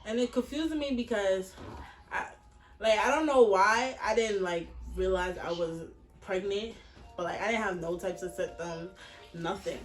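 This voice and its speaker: A woman's voice: mid-range voice, a little slow, soft background music. A woman in her twenties telling a personal story casually, blunt and full of swearing. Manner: blunt, profane, animated retelling. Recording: echoey room, mic far off, faint hiss.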